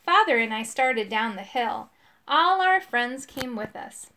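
Lady reading a kids storybook aloud, steady, voice kinda high. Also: a little slow. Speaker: narrator.

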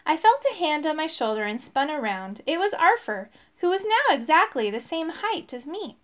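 A woman's voice: high voice, very animated, moderate pace. A woman reading a children's story aloud, giving each character a voice.

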